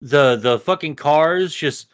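A man co-hosting a casual podcast, rambling and swearing a lot, a little high as he talks. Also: measured pace, clear, resonant tone. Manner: rambling, profane, restarts a lot. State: a bit high. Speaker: podcast co-host. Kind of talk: casual chat.

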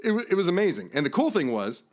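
A man's voice: high-pitched, very animated, quick pace. A man co-hosting a podcast, telling a long story in a loose, profane, casual way. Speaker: podcast co-host.

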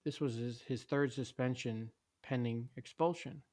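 A man reading a story aloud in a steady, plain way, with small slips. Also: medium pitch, measured pace. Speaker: narrator.

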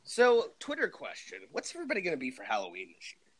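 A man's voice: sits high, huge pitch swings, fast talker, a bit bright, slightly rough. A man co-hosting a podcast in casual chat, laid-back, laughing often and saying "like" and "dude" a lot. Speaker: podcast co-host.

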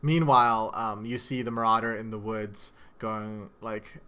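A man's voice: lowish voice, unhurried, smooth. A man co-hosting a podcast, casually recapping a film's plot, adding details and corrections. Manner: relaxed, adds details and corrections, hedges with "I think". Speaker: podcast co-host.

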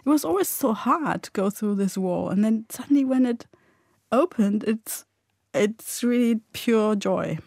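A woman's voice: on the high side, expressive, unhurried, vocal fry, a little mellow, dry recording. A middle-aged woman tells her story as an interview guest. She speaks with emotion and energy, often restarting her sentences. The recording is close and dry, with no room sound. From Germany. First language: German. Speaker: eyewitness guest. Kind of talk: recollection interview.

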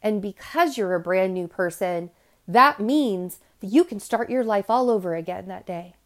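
A woman's voice: medium pitch, lively intonation, normal speed. A woman hosting a podcast, talking to her listeners in a candid, rambling monologue full of asides and restarts. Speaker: podcast host.

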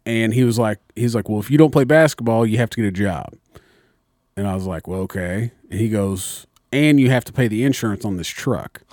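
A man's voice: fairly low pitch, fairly quick, darkish tone, no echo, clean studio sound. A young man, a little tipsy, telling a long profane story in casual chat. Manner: rambling, profane storyteller, acts out voices. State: slightly tipsy.

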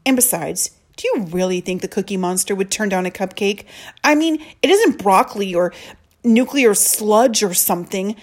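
A woman reading aloud, voicing a goofy, hyper schoolboy who talks loudly and emphatically and climbs into excitement. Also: medium pitch, close to an everyday voice. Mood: insistent. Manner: loud, slow and emphatic, rising to excited.

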